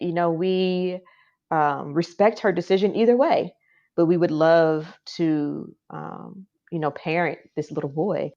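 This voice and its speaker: A woman's voice: on the low side, a little mellow. A woman as a podcast guest, telling a personal story in a heartfelt, emotional way with many fillers. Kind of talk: casual interview storytelling. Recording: dull lo-fi sound.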